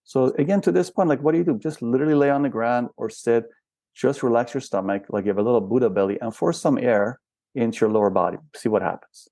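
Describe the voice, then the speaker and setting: A man's voice: medium pitch, fast talker, warm tone, no echo. An older man, a spiritual counselor and guest, explaining patiently and asking rhetorical questions in a reflective interview.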